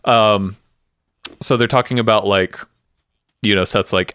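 Low-voiced guy chatting on a podcast, acts out scenes, dry sound. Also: fairly even intonation, measured pace, pauses often, a bit bright, clean tone, no room sound. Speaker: podcast co-host. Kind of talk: casual chat recapping a TV episode.

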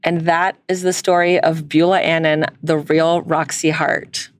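A woman's voice: low voice, little pitch movement, a little slow, no echo. A woman co-hosting a podcast in casual, profane chat, laughing often and calling her co-host "girl.".

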